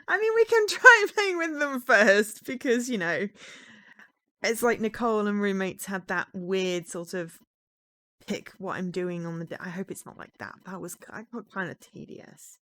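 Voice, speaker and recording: A woman's voice: mid-range voice, moderate pace, bright, forceful tone, no room sound. Chatty woman streamer with giggly asides. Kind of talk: casual game commentary.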